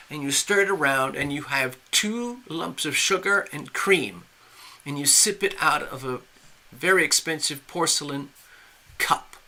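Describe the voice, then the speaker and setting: Man, livestream host; rambling and opinionated, somewhat high, very bright and forceful voice, answers chat as he goes. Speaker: livestream tarot reader. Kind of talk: casual live-stream monologue.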